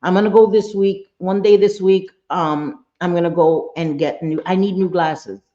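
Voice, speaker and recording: A woman's voice: on the low side, steady tone, moderate pace, warm tone, muffled recording. A woman hosting a casual livestream chat, blunt and talkative, swearing freely and greeting viewers by name. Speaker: livestream host.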